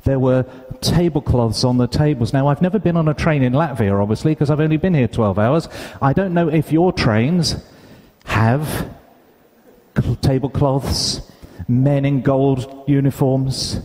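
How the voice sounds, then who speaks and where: A man's voice: mid-range voice, a little slow. A British man telling a story in a reverberant conference hall. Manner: animated storyteller, acts out quoted dialogue. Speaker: conference speaker. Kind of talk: storytelling keynote talk. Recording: hall reverb, live stage sound.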